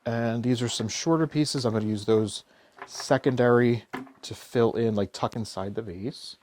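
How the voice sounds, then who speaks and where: A man's voice: mid-range voice, moderate pace, darkish tone, slight background noise. A middle-aged man giving a casual, chatty flower-arranging tutorial as a florist, joking as he works. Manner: chatty, jokey, self-deprecating. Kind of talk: casual floral design tutorial.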